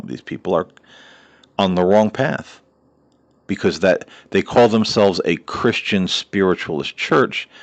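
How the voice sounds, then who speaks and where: A man with a very low voice hosts a spiritual talk show, speaking earnestly with a preacherly rhythm. He builds long repeated lists and fills pauses with "uh" and "you know." The sound is dry, with no room echo. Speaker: host of a paranormal talk show.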